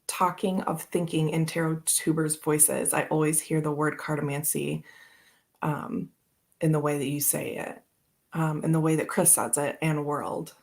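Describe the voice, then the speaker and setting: Chatty gravelly-voiced woman vlogger. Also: sits low, flat delivery, unhurried. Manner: chatty, rambling, laughs often. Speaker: tarot channel host. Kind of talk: casual live-stream chat.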